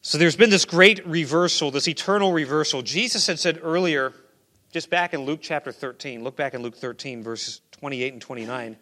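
A man preaching a sermon in a conversational way, dropping to quiet asides and rising to loud emphasis. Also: on the high side, moderate pace. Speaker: pastor.

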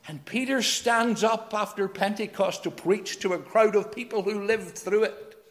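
A man preaching a sermon, emphatic, swinging between loud declarations and hushed phrases. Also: high-pitched, unhurried. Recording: long hall reverb.

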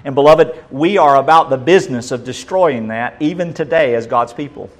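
A male pastor, preaching a sermon and swinging between loud and soft. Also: mid-range voice, normal speed.

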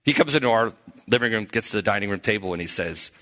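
A man who is a pastor, telling a conversion story in an animated storytelling manner, acting out the people he quotes. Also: fairly low pitch, fast talker. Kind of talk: storytelling testimony.

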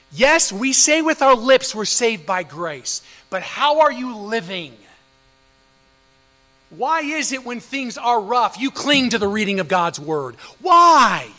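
A man preaching a sermon as pastor, firing off rhetorical questions and swinging between loud emphasis and hushed, low passages. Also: big-room sound, rough recording.

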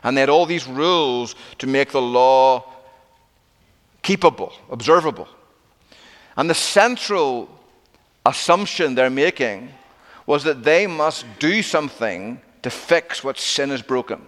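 A man's voice: mid-range voice, a little slow. Preaching man in a reverberant hall. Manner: animated storytelling with acted-out quotes. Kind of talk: sermon.

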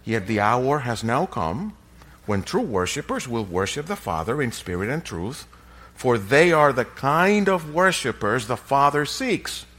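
Slow, bright-voiced emphatic male preacher. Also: mid-range voice, big pitch swings. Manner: emphatic, rising to loud peaks. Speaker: pastor. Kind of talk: sermon.

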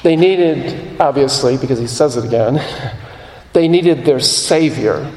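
A man's voice: medium pitch, warm tone, a little hiss or hum. Earnest preaching man in an echoey hall. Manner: earnest, repeats phrases for emphasis, slows on key lines. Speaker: pastor. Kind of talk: sermon. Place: church sanctuary.

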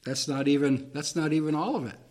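A man's voice: on the high side, a little fast, darkish tone. A man preaching a Bible-teaching sermon, reading verses aloud and explaining them plainly, with fillers and restarts.

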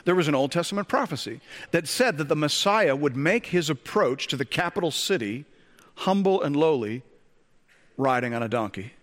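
A man's voice: a little high, expressive, moderate pace, fairly bright tone, in a large hall. A male pastor preaching a sermon, talking conversationally with joking asides and rhetorical questions to the congregation.

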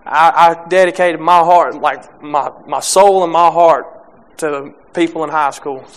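A young man preaching a sermon, halting with many restarts and fillers, reading scripture and speaking plainly about faith. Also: a little high, fairly even intonation, clear, resonant tone.

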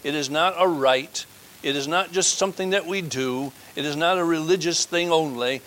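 A man's voice: fairly high pitch, moderate pace, fairly bright tone, slight background noise, rough recording. A man preaching a communion sermon, stressing his points by repeating key phrases and building to fervent appeals.

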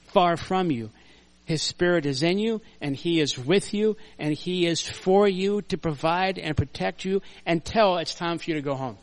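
Older pastor, slightly high voice. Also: male voice. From United States. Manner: earnest, storytelling, swings between soft asides and loud emphasis. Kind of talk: conversational sermon. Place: church sanctuary.

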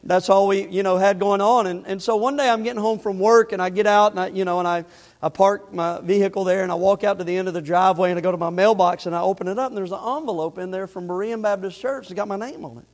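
A man's voice: high voice, fairly even intonation, fast. A middle-aged man preaching in church, telling a personal story in a conversational way, then building to emphatic preaching with repeated phrases. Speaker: pastor. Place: church sanctuary. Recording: long hall reverb.

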